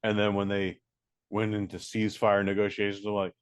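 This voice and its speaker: A man co-hosting a podcast, reviewing a film in casual chat, animated and profane, acting out quotes. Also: on the low side, a little fast, clean tone.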